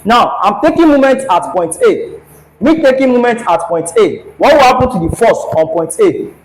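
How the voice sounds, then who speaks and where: A man's voice: very high-pitched, animated, normal speed, slight background noise, low-quality recording. A man teaching a classroom engineering lecture at a board, who keeps repeating his questions so the students will answer.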